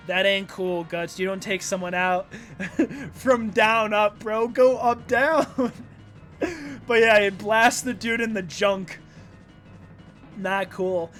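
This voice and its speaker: A high-voiced man reading a comic aloud at an unhurried pace, stopping often to react. He talks loosely and excitedly, with plenty of swearing. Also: soft background music. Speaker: manga read-along host. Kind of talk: casual read-aloud with commentary.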